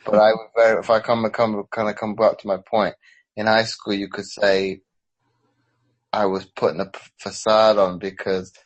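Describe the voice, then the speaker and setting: Deep-voiced guy, half british half american accent, sighs and stops a lot. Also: low-quality recording. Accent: hybrid British and American. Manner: hesitant, restarts and sighs. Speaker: podcast host. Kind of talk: casual conversation.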